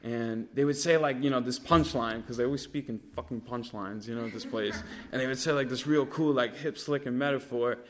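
A man's voice: mid-range voice, a little fast, hardly any pauses. A man in his thirties sharing his life story at a recovery meeting, rambling with lots of fillers and swearing. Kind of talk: casual personal storytelling.

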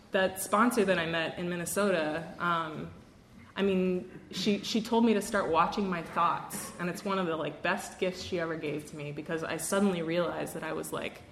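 A woman's voice: on the low side, fairly bright tone. A young woman sharing her own recovery story at a meeting, casual and self-mocking with lots of fillers. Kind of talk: candid personal talk to a meeting. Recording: roomy echo, faint room noise.

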